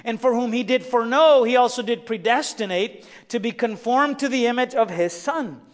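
A man preaching a sermon, moving from a soft, quiet story to emphatic preaching. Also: extremely high pitch, normal speed, big-room sound.

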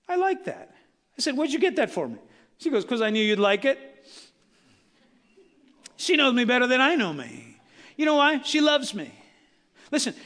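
A male pastor preaches a sermon in a church sanctuary, keeping things conversational and full of rhetorical questions. His voice sits high with a fairly bright tone, and the recording carries the long reverb of the church hall.

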